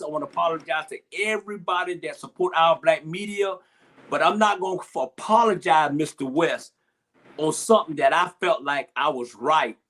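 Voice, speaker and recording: A man's voice: on the high side, fairly bright tone. A middle-aged man telling a personal story as an interview guest on a video call, emotional, repeating himself and restarting often.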